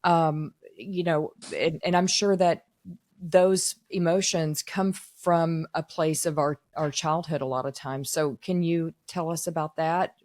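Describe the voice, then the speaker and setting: Lower-voiced woman hosting a podcast. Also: steady tone, a little slow, darkish tone, dry recording. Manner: reflective questions with fillers and restarts. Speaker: podcast host. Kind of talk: casual interview conversation.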